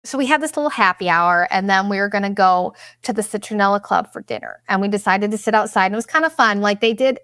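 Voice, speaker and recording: A young woman hosting a podcast, telling a vacation story in a blunt, profane, animated way and acting out what people said. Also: medium pitch, fast, hardly any pauses, no room sound, clean studio sound. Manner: blunt and profane, animated retelling with quoted asides. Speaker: podcast host. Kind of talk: casual storytelling monologue.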